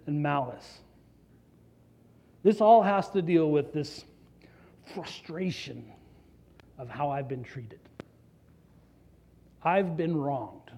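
A man's voice: fairly high pitch, dark tone, breathy edge. A man preaching a conversational sermon as a pastor, earnestly putting rhetorical questions to the congregation. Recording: dull lo-fi recording.

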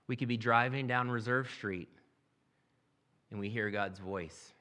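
A man's voice: medium pitch, measured pace, sharp tone. A man preaching a sermon, reading scripture aloud and then explaining it in a plain, conversational way. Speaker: pastor.

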